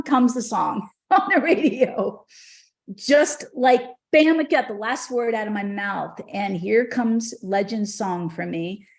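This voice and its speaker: A woman's voice: mid-range voice, darkish tone. A woman podcast host tells a personal story in a mid-range voice. She rambles, circles back and restarts, and her telling stays openly emotional throughout. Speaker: podcast host and horse trainer.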